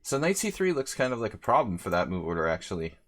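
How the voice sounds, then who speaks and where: This man lives in Hungary and streams a chess simul, chatting away between moves and calling out viewers by name. He talks fast, with a lowish, sing-song, fairly bright voice.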